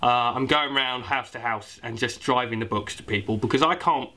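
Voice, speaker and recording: A man's voice: medium pitch, moderate pace, bright, forceful tone. A young British man in a comedy sketch, playing an awkward, rambling author plugging his own book. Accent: British English. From Britain. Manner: rambling, awkward, self-promoting. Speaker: comic playing a self-published author.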